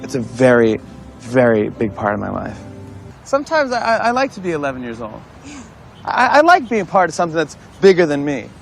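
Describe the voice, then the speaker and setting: An actor playing a grown man who is earnestly in love with baseball, in a film clip with soft music under it. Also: fairly high pitch, huge pitch swings, a little fast, vocal fry, heavily acted. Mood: wistful. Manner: earnest, reflective. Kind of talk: film dialogue.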